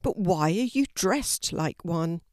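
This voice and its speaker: A woman voicing a protective father who speaks in a deep, authoritative way. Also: lively intonation, takes it slowly, darkish tone, no echo, clean studio sound. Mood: softened.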